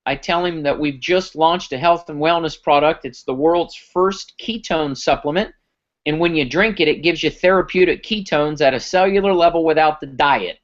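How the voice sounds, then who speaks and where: A man giving a live sales pitch on a conference call, telling stories and acting out the dialogue. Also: moderate pace. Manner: storytelling, acts out dialogue. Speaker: company founder pitching product. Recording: muffled lo-fi recording.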